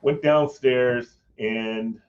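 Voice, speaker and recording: A former Capitol Hill staffer speaks extremely slowly in a medium-pitched, fairly even voice as he shares a personal story. He meanders casually, swears at points, and acts out quoted voices, all on dull lo-fi audio.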